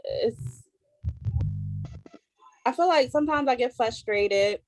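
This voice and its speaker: A woman's voice: a little high, darkish tone, soft background music, poor audio. A woman in her thirties speaking candidly in a casual podcast chat about motherhood, with lots of fillers and restarts. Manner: halting, many fillers and restarts, emotional openness. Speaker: podcast co-host sharing as a mother.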